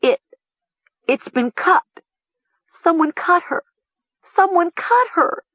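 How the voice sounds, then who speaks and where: A woman voicing a bossy teenage girl who turns shrill and stammering with panic. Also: big pitch swings, measured pace, breathy edge, dry recording, dull audio, heavily acted. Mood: panicked.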